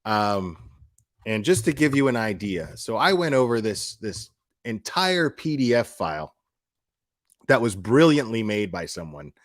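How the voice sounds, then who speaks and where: A man's voice: on the low side, big pitch swings, unhurried, no room sound, clean studio sound. A young adult man ranting on a casual live stream, blunt and profane, often restarting his words. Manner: blunt, profane, heated and mocking. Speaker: YouTube commentary streamer.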